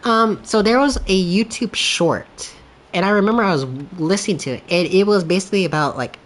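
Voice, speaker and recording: A man chatting off the cuff during a game stream. He rambles through loose, filler-packed thoughts and laughs between them. He slips into quick voices when he retells a clip. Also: sits high, slight background noise. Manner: animated storytelling with quoted voices. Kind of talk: casual livestream chat.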